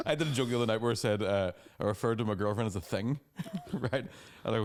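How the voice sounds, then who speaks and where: A young adult man, co-hosting a casual comedy podcast and telling animated stories. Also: lowish voice, fairly quick. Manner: animated storyteller, mimics angry locals with shouted swearing. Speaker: podcast co-host.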